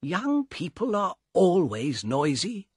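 A man reading an audiobook and voicing the thoughts of a quiet fifty-year-old man, slowly and plainly. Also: high-pitched, wildly swooping pitch, husky, dry recording, studio quality, voice pushed up, exaggerated voice. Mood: annoyed. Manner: soft inner thoughts, slow. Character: quiet small man of fifty, mildly annoyed.

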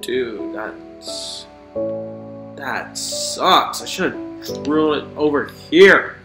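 A man giving excitable let's play commentary while gaming, swearing and talking to the creatures in the game. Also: medium pitch, extremely slow. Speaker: gamer. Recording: roomy echo with faint music.

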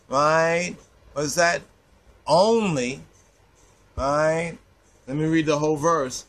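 A man's voice: a little high, slow, a bit bright. A man teaching a sermon, reading scripture verses aloud and checking in with "right?" after nearly every phrase. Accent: Rastafari "I and I" speech. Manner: reads verses aloud, frequent "right?" tags. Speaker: Rastafari preacher.

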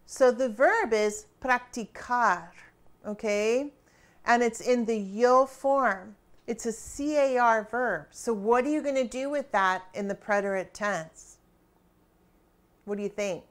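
A woman teaching a grammar lesson, quizzing her students with questions and pauses and praising right answers. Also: a little high. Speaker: Spanish teacher.

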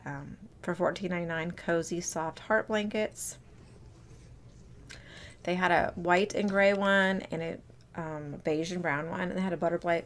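A woman's voice: fairly low pitch, creaky, slight background noise. A young woman narrating a casual shop-with-me vlog as she walks through a store. She talks chattily and gushes over cute items, with plenty of ums, into a handheld phone. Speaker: shopping vlogger. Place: indoor retail store.

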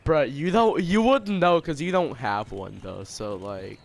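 A man's voice: fairly high pitch, lively intonation, unhurried, vocal fry, slight background noise. A man trash-talking an opponent over online game chat, mocking and insulting. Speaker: online gamer.

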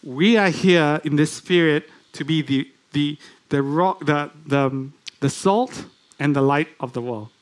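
A man with a fairly high voice preaches a sermon in a church. He talks conversationally and keeps asking his listeners questions. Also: unhurried. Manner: conversational, asks the congregation many questions. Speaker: guest preacher.

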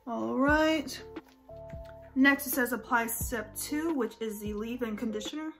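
A woman's voice: on the high side, a little slow, fairly bright tone, faint music behind. A young woman vlogging a hair tutorial in a chatty, gushing, slangy way. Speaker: beauty vlogger. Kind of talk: casual hair tutorial vlog.

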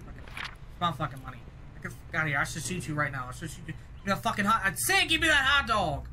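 A woman's voice: on the low side, animated, fast talker, noisy background. A woman giving rowdy, profane commentary while playing a game. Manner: rowdy, profane trash talk. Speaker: gaming streamer. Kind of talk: live gameplay commentary. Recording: game music playing under voice. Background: game music and vehicle sounds.

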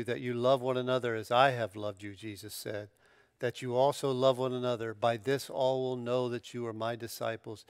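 A male pastor delivers a sermon conversationally and emphatically, using casual slang, restarting phrases, and rising sharply when excited. His medium-pitched voice has a clear, resonant tone, captured in a dry, clean studio recording.

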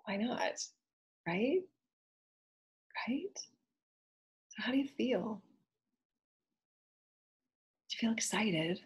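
A woman spiritual teacher giving an inspirational talk, speaking in earnest, flowing phrases and soft repeated affirmations. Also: mid-range voice, husky. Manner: earnest, flowing, at times whispered.

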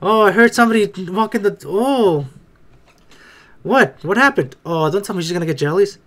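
Man, reaction host, casual, excitable, blurts out and swears. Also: high-pitched, normal speed. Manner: excitable, talks to himself, swears, frequent restarts and exclamations.

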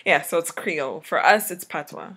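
A woman's voice: sits low, expressive, moderate pace, fairly bright tone, husky. A woman from Jamaica with a Jamaican accent, explaining things casually to the camera in a chatty way. She laughs often and trails off mid-sentence. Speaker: vlogger teaching a lesson.

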